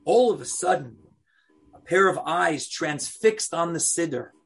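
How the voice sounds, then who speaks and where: A man leads a Torah lesson, putting questions to his students and telling a story in an animated, expressive way. His voice is fairly high for a man and has a husky, slightly breathy texture. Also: measured pace. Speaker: Torah teacher.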